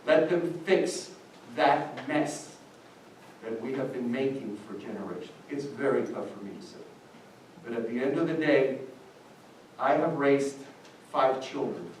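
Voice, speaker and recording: A man's voice: medium pitch, measured pace, darkish tone. An older Cuban man speaks to a seminar audience with passion and emphasis, slipping between English and Spanish. He is picked up from a distance in a large hall, so his voice carries a heavy echo. A faint hum of room ambience sits underneath. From Cuba. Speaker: seminar panelist. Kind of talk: impassioned public talk.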